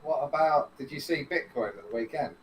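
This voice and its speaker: A man's voice: fairly high pitch, fairly quick, a little hiss or hum, poor audio. A man chatting casually as a co-host, laid-back and dry. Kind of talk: casual chat.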